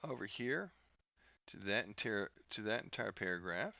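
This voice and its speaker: A man teaching a software lesson over a screen recording, talking haltingly with many fillers and restarts. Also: fairly low pitch, animated, creaky, no room sound, highs cut off. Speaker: instructor.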